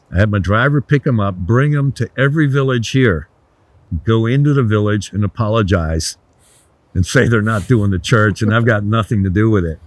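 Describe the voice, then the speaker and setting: A man's voice: fairly low pitch, no room sound. Blunt older man telling stories. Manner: blunt, swears, animated anecdotes. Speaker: guest, resort founder. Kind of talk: casual storytelling interview.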